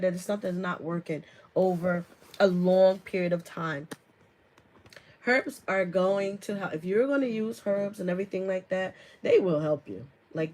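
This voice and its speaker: A woman's voice: on the low side, a little mellow, poor audio. A woman hosting a live stream as an herbalist, talking casually with lots of fillers and reading viewer comments aloud. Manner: chatty, laughs often, many fillers; reads viewer comments aloud and answers them.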